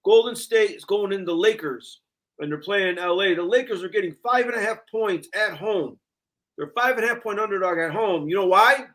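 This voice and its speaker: High-voiced older man telling stories. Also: normal speed. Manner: animated storyteller, acting out quotes. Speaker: co-host. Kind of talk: casual sports chat.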